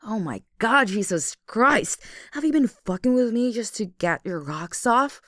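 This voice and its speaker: A young woman taunts the listener in an audio role-play, mocking, aggressive and full of swearing. She speaks slowly, with a pitch that rises and falls sharply. Her voice sits close and dry on the mic. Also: animated, fairly bright tone, no room sound. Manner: aggressive, mocking, profane bully.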